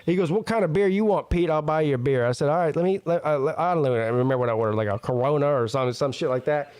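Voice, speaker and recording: A man hosting a call-in show, telling a crude story in a loud, laughing, animated way. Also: mid-range voice, very fast, clear, resonant tone. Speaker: show host.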